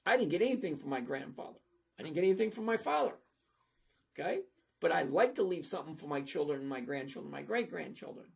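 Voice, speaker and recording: Rambling and blunt, a sixty-something man hosts a casual trading livestream, reading viewers' comments aloud. He talks fast with lively intonation, and his slightly high voice is husky with vocal fry.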